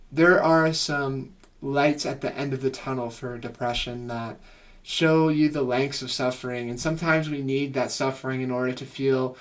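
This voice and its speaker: Male therapist, mid-pitched voice, earnest and gushing reaction commentary. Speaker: psychotherapist reacting to music.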